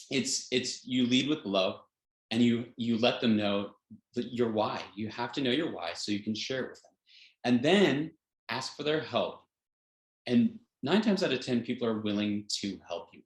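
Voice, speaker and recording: A man teaching a health class in an informal way, earnest, often chuckling and restarting his sentences with fillers. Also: lowish voice. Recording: roomy echo.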